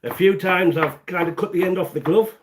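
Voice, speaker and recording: This is a high-pitched man from the UK hosting a casual cooking livestream in his own kitchen, talking at a brisk clip over background noise. He jokes, rambles and says hello to viewers by name.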